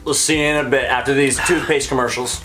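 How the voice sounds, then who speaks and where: A man's voice: mid-range voice, fairly even intonation, fast, music in the background. A young man co-hosting a vlog, joking and teasing his friend in a bedroom. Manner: playful, teasing, laughs often. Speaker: vlog co-host. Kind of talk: casual joking vlog chat. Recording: noisy home recording.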